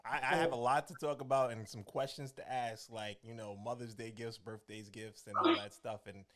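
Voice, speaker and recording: A man co-hosting a podcast in casual chat, playful and animated. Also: medium pitch, moderate pace, over a noisy crowd. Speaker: podcast co-host.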